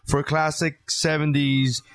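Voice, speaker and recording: A man's voice: a little high, level tone, slow, clear, resonant tone, no echo. A man co-hosting a podcast, chatting casually with crude jokes. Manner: joking, crude banter. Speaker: podcast co-host. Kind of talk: casual chat.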